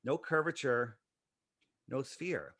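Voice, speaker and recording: Insistent man with a bright edge. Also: medium pitch, expressive, husky, no echo. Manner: insistent, rapid-fire rhetorical questions. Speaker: interview guest. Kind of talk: conversational explanation.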